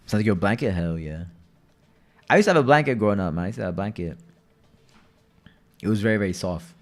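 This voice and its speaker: A man's voice: deep voice, lively intonation, normal speed, long pauses. A young man streaming a game, chatting and telling rambling stories with plenty of swearing. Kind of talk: casual gaming commentary.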